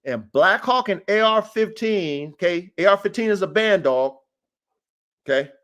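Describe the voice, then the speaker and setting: Man, casual livestream host, animated storytelling, profane, slightly high voice. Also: normal speed. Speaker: dog breeder and podcast host. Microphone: streaming setup.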